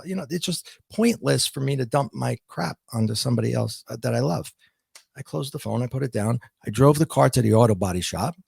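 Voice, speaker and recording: As a podcast guest, a middle-aged man with a gravelly, creaky, slightly mellow voice at medium pitch recounts a personal story. He's reflective and halting, often restarting and repeating words. The sound is dry and close, with no room sound.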